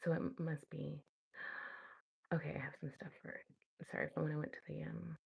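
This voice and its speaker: A woman's voice: sits low, little pitch movement, a little fast, creaky, darkish tone, slightly rough. A young woman vlogging in a casual, chatty way, talking to herself and laughing at her own slips. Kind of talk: casual chat while studying a language.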